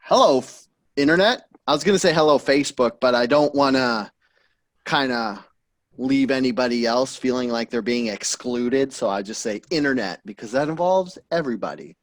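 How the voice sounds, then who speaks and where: A man hosting a podcast in an energetic, joking, playful way. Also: medium pitch, normal speed. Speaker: podcast host. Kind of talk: casual podcast chat.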